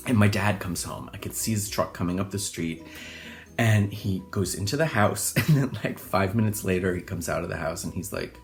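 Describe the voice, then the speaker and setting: Animated middle-aged man telling a story. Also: fairly low pitch, moderate pace, soft background music. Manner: animated, expressive, acting out the scenes. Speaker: hairstylist. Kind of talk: personal storytelling.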